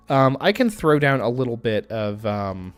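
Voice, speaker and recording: A man's voice: mid-range voice, clean tone. A young man casually commenting on his game during a live stream, thinking aloud with frequent ums and restarts.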